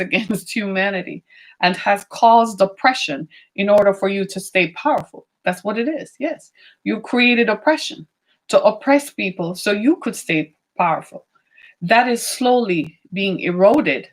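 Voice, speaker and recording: A woman giving opinionated commentary, emphatic, asking rhetorical questions and slowing down on key points. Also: medium pitch. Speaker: political commentator.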